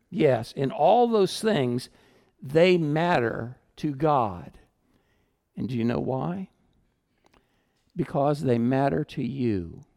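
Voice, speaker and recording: A male pastor preaching in a sermon, his fairly high voice rising and falling with great animation. There is a gravelly rasp in his tone, and he swings between loud emphasis and hushed asides. His voice carries through a church hall with a long reverb.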